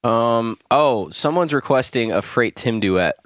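A man's voice: mid-range voice, animated, unhurried, no room sound, clean studio sound. Teasing man co-hosting a podcast. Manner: teasing, storytelling. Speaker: podcast co-host. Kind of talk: casual chat.

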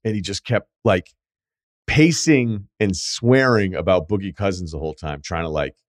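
A middle-aged man hosting a podcast, telling stories in an emphatic, chatty way with quick asides. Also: deep voice, no echo, clean studio sound. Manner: emphatic storytelling, quick asides, frequent laughs. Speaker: podcast host. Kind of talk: casual chat.

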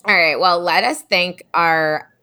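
A woman co-hosting a podcast in casual chat, laughing often and telling stories in an animated way. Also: fairly low pitch, a little slow, clear, resonant tone. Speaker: podcast co-host.

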